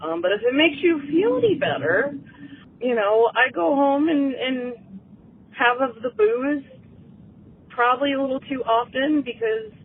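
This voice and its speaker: A woman's voice: high-pitched, lively intonation, a little slow. A woman leaving a casual voice message for a podcast while driving in traffic. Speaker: listener sending a voice message. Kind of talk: recorded voice message. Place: car in traffic. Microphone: phone. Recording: husky tinny phone message.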